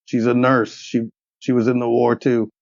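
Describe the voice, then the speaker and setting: A man's voice: mid-range voice, little pitch movement, moderate pace, gravelly, darkish tone, no room sound. A man in his forties narrating as game master in a laid-back, chuckling way. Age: 40s. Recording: dull, lo-fi sound.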